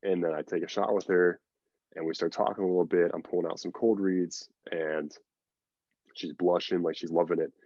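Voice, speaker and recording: A man's voice: low-pitched, little pitch movement, normal speed, warm tone, no echo, dull audio. A man guest on a podcast, telling a long story in a rambling, casual way with lots of fillers and acted-out quotes. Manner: rambling, filler-heavy, acts out quoted lines.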